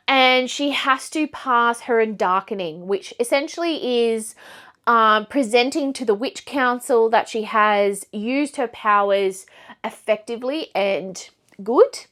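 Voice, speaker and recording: A woman's voice: a little high, fairly bright tone. A young woman talking casually about books she read, rambling with asides and fillers as she shows them to the camera. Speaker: book vlogger. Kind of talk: casual book review chat.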